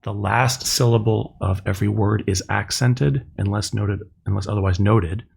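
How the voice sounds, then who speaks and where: A middle-aged man teaching a recorded lesson, explaining step by step and spelling out sounds slowly. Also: fairly low pitch, steady tone, vocal fry, darkish tone, breathy edge. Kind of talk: recorded classroom lecture.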